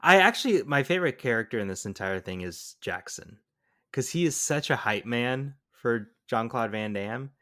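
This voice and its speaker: Excitable man riffing on a movie. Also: mid-range voice, normal speed, no echo, clean studio sound. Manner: animated, excitable, jumps into impressions. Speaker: podcast co-host. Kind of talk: casual movie-review chat.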